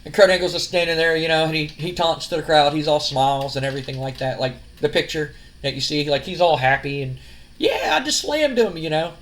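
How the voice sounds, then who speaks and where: A young man recapping a wrestling simulation in loose, rambling commentary. He swears freely and retells each move with an animated, slightly high-pitched voice. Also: quick pace, hardly any pauses. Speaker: let's-play narrator. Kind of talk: casual game commentary.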